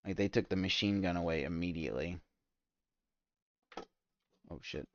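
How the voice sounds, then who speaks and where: A man streaming a game, ranting in exasperated, profane commentary that spikes loud and high. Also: moderate pace, lo-fi sound, a little hiss or hum. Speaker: gaming streamer. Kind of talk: ranting commentary while gaming.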